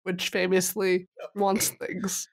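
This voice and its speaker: Woman, podcast co-host, lowish voice, steady wry plot recap. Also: takes it slowly, gravelly. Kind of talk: casual chat.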